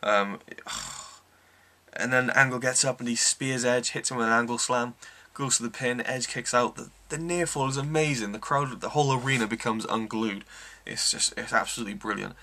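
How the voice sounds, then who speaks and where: A man's voice: medium pitch, normal speed, gravelly, pushed and bright. A man giving an enthusiastic, rambling wrestling review, full of ums. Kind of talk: casual review monologue.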